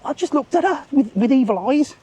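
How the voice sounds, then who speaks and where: A man hosting a live travel vlog, telling a story as an animated, swearing rant while walking outdoors. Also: very high-pitched, fairly quick. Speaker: travel vlogger, live stream host. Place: outdoors among bars and restaurants.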